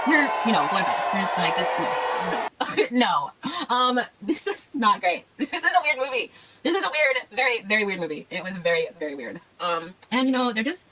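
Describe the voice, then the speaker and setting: A woman's voice: mid-range voice, a bit bright, rough recording. A young woman casually reviewing a movie, rambling and giggling as she mimics characters in goofy voices.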